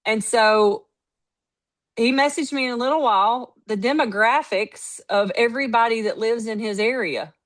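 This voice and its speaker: With a fairly high-pitched voice at a moderate pace, this woman leads a network marketing team and delivers an informal motivational talk. Her storytelling is animated and emphatic, and she quotes others by acting out their words.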